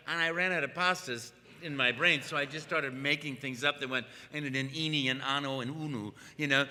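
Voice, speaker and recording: An older man, a voice actor, telling a story on a convention panel in an animated way, acting out voices and often restarting his sentences. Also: medium pitch, brisk, hardly any pauses, a crowd in the background. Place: large convention hall. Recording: echoey convention hall.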